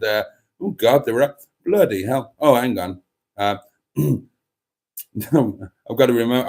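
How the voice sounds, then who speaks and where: A man's voice: mid-range voice, a little mellow. A man from Britain hosting a live stream, chatting casually and rambling between jokes. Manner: rambling, jokey, theatrical.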